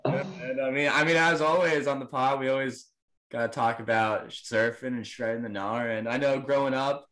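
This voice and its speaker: A man from New Jersey hosting a podcast, chatting casually in a monotone surfer voice with a laid-back manner, plenty of fillers and agreement. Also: medium pitch, normal speed. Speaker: podcast host. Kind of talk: casual conversation.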